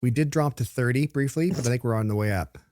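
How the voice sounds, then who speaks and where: A man's voice: mid-range voice, fast talker, darkish tone, no room sound, studio quality. A man with a Southern Ontario accent hosting a podcast quiz game, playful and teasing in casual banter. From Canada.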